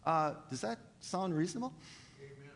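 Male pastor, halting sermon delivery, slightly raised pitch, long church reverb. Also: lively intonation, a bit bright, a little hiss or hum. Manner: halting, with many fillers and restarts.

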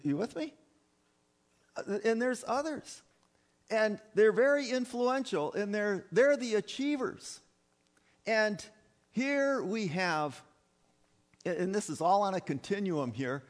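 A man preaching a sermon to his congregation, emphatic and repetitive, often asking the listeners questions. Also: high voice. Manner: emphatic, repeats phrases, addresses the congregation as folks. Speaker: pastor.

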